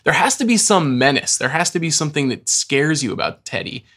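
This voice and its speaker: A man's voice: fairly high pitch, animated, brisk, a bit bright. A man co-hosting a casual movie podcast, thoughtful and a little hedging as he picks apart a film. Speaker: podcast co-host.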